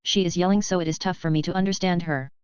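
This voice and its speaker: A woman reading as a calm, puzzled shopper. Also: on the low side, fast, smooth, no room sound, dull audio, lightly acted. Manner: calm, reasoning. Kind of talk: scripted narration.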